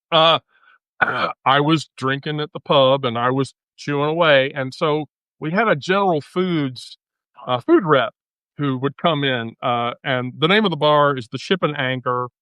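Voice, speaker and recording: A woman's voice: sits low, a bit bright, no room sound. A woman hosting a livestream, telling a profane, laughing story in casual chat with frequent laughter. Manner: bawdy, profane, laughs through her story. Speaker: livestream host.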